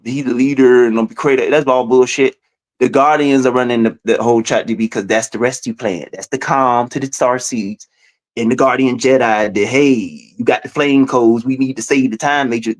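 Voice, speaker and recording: A man talking over a video call with a mid-pitched voice. He is excitable and swears freely, jumping from low, mumbled asides to sudden high exclaims. The sound has the thin feel of a call line. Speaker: guest. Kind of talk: animated casual storytelling.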